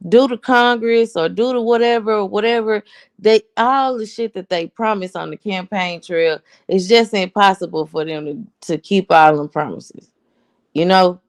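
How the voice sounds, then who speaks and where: A woman, telling a story in a casual, blunt, profane rant. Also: mid-range voice. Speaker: host.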